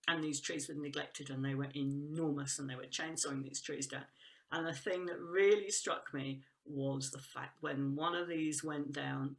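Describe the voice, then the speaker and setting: In a low, gravelly voice, a woman guest rambles eagerly about trees and woodland work in casual conversation. Restarts and laughs come up often as she talks.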